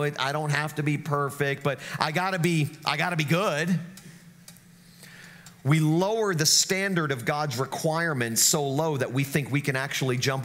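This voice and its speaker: Earnest, emphatic male pastor preaching. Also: a little high. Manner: earnest, emphatic preaching that swings from hushed to raised. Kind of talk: sermon.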